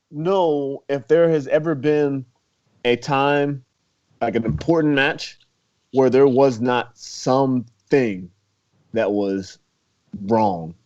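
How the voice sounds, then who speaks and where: A young man who used to wrestle in college chats casually as an interview guest, his mid-range voice a little mellow. He's laid-back, laughs often, and peppers his talk with "you know" and "like." The recording is muffled and lo-fi.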